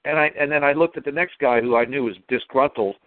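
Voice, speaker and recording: A man calls in to a talk show and spins a lively story, pitched at an ordinary male level. He keeps acting out the back-and-forth himself. The sound is a dry, tinny phone line. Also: quick pace, no echo. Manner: animated, retells his own dialogue. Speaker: caller. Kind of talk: call-in storytelling.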